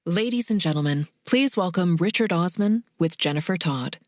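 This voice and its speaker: Formal woman announcer, low and dry. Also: animated, a little mellow, dry recording. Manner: formal, measured. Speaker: event announcer. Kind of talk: public address announcement.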